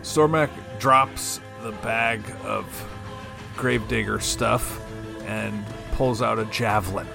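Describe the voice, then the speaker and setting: Gravelly-voiced man player. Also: on the low side, slow, music in the background. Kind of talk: casual tabletop play.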